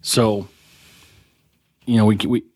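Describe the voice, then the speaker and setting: A man's voice: fairly low pitch, little pitch movement, slow pace, a little mellow, no echo. A man co-hosting a podcast in casual chat, throwing questions at his partner, telling jokes and swearing casually. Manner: joking, asks lots of questions. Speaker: podcast co-host.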